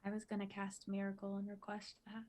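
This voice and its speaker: A woman's voice: mid-range voice, monotone, brisk, mellow, rough recording. A woman playing a tabletop game, thinking aloud as she plans her character's move. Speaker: player. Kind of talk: casual tabletop play.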